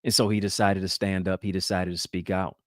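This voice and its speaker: Brief: male talk show host, low voice, dry close sound, rousing preacher-like delivery. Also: little pitch movement, fairly quick, no room sound. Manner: emphatic, preacher-like rhetoric. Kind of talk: motivational commentary.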